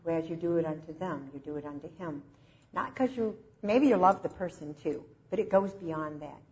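A woman preacher delivers a sermon slowly, emotively, and with emphasis in a medium-pitched voice. The recording sounds dull and lo-fi.

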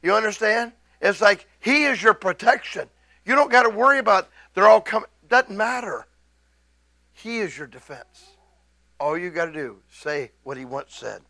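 Excitable high-voiced gravelly preacher man. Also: normal speed, no echo. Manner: excitable, swinging from hushed to shouted scripture. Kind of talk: sermon.

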